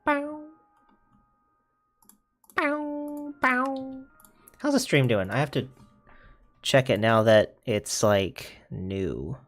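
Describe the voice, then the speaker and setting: A man's voice: on the low side, expressive, slow, faint music behind. A young man streaming a video game, chatting in a laid-back, rambling way and laughing often. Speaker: gaming streamer. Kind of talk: casual chat while playing.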